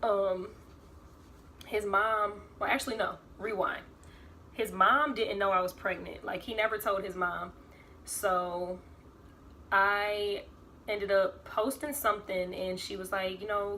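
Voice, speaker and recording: A young woman tells a personal story in a loose, rambling way and leans on lots of fillers. Her voice sounds bright and a little tense. A faint hiss sits under her voice. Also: mid-range voice, steady tone, slow. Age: 20s. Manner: rambling, filler-heavy, acts out quoted voices. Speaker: vlogger. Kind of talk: casual storytime vlog.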